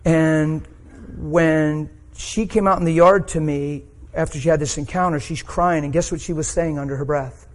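A man's voice: fairly high pitch, fairly even intonation, moderate pace, few pauses. A middle-aged man preaching a sermon, telling a personal story with rising emotion.

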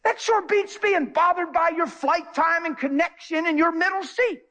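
A male preacher telling a story in a sermon, excitable, jumping between loud high bursts and low quiet asides. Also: moderate pace. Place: church.

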